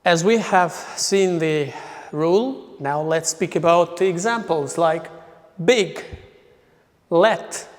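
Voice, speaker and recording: A male English teacher talks at an unhurried, deliberate pace, walking through rules and reading example words aloud one by one. His voice sits fairly high for a man. The recording rings with a long hall reverb. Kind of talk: recorded lecture.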